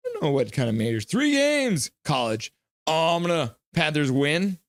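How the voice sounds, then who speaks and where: A man hosting a live hockey reaction stream, reading chat messages aloud, joking and reacting loudly to goals. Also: on the high side, brisk. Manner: excitable, reads chat aloud and jokes.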